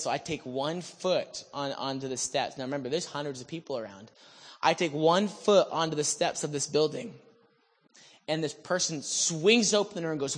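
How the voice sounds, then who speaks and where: Male preacher, animated testimony storyteller, higher voice, big reverberant church sound. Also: brisk. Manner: animated, swings from hushed to shouting. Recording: long hall reverb.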